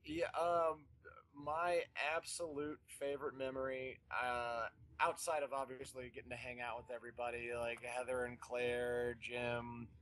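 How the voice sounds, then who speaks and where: A man's voice: mid-range voice, little pitch movement, unhurried, a bit bright. A man telling a story in casual podcast chat, rambling, with restarts. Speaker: guest musician.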